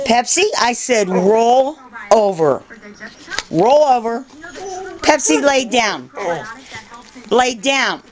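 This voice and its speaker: A woman training her dogs with firm, repeated commands in a casual home video. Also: high-pitched.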